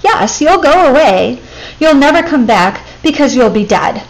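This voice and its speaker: A woman's voice: high voice, sing-song, unhurried, voice pushed up, exaggerated voice, low-quality recording. A woman voicing a brave, boastful young male mongoose who issues eager, defiant challenges in a storybook.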